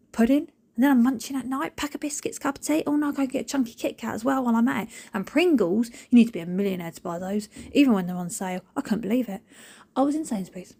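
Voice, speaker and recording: Husky chatty woman. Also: a little high. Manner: animated, rambling, jokey asides. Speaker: cleaning vlogger. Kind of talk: chatty voiceover.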